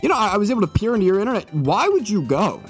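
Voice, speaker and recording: Animated joking male streamer, slightly tipsy. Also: high voice, rapid-fire, husky, soft background music. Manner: joking, swearing, mock-serious. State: a little tipsy. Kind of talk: comedic live-stream monologue.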